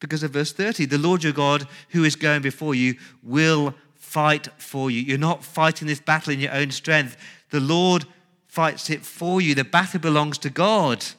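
A man's voice: on the high side, fairly even intonation, normal speed, fairly bright tone. A man preaching a sermon as pastor, emphatic, with rhetorical questions and repeated phrases.

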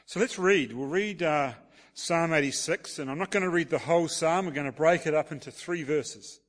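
A man's voice: on the high side, moderate pace. New man preaching in a hall. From New Zealand. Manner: storytelling, with many restarts and "sort of". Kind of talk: sermon with personal story.

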